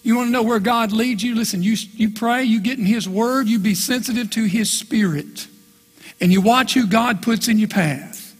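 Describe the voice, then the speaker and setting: A man's voice: sits high, moderate pace, breathy edge, big-room sound. A man preaching a sermon as pastor, folksy and emphatic, often pressing the crowd with "listen" and "right?". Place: church sanctuary.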